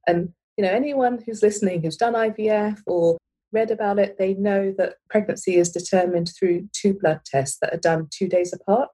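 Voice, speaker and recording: A woman's voice: medium pitch, normal speed, warm tone, breathy edge, poor audio. A woman in her thirties, a guest in an interview, telling a personal story with many fillers and restarts.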